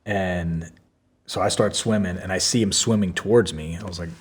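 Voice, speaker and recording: A man's voice: sits low, normal speed, slightly rough. A man, a podcast guest, tells a story in loose, casual talk full of fillers and swearing. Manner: loose, profane, many fillers.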